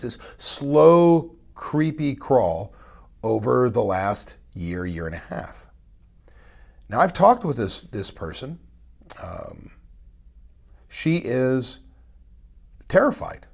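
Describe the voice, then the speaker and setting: A middle-aged man with a raspy, husky voice gives a motivational talk on a live stream. He is blunt and informal, repeats phrases for emphasis, and his pitch rises and falls freely. A gravelly fry sits under his words. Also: darkish tone. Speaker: restaurant consultant hosting a live stream. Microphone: webcam or desk mic for a live stream.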